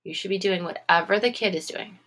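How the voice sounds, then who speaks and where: A woman teacher giving a recorded phonics lesson to young students, encouraging and sounding out syllables slowly. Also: on the low side, a bit bright.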